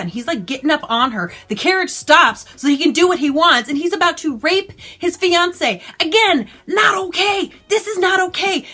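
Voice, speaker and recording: Animated, bright-voiced woman ranting about books. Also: very high voice, a little fast, few pauses. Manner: exasperated, sarcastic, animated retelling. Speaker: book vlogger. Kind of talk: casual ranting book review.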